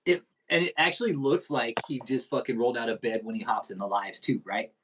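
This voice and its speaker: A man's voice: mid-range voice, fairly quick, a bit bright, a little hiss or hum, rough recording. A man hosting a live stream, talking in a profane, combative, rambling way. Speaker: stream host. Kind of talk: casual live-stream commentary.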